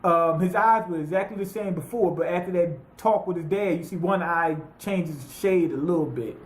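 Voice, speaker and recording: Male anime reviewer, high voice, loose profane recap, roomy echo. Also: moderate pace. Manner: profane, rambling, animated retelling with quoted voices. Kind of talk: casual recap monologue.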